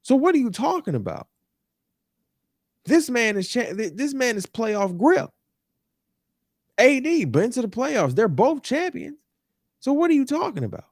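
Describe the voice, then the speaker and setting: A young New York man hosts a sports talk podcast, launching into an animated rant that's emphatic, repetitive, and exasperated. His voice is extremely high and very animated, yet unhurried and full of pauses, captured in clean studio sound with no room echo.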